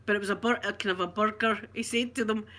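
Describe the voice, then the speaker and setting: A woman's voice: medium pitch, fairly even intonation, fast talker, pushed and bright. A Scottish woman chatting casually to live viewers at home, telling funny stories and laughing often. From Scotland. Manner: chatty storyteller, laughs often, mimics voices. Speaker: ASMR livestream host. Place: home room.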